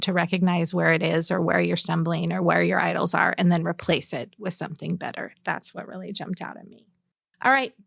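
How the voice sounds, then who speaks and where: A woman hosting a casual podcast discussion, chatty and quick to laugh. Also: lowish voice, vocal fry, no echo, clean studio sound. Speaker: podcast host.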